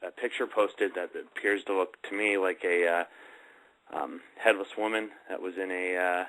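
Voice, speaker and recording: Bright, rambling male radio host. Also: sits low, steady tone, normal speed, rough recording. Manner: rambling, many fillers. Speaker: host of a paranormal talk show. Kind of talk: casual radio show talk.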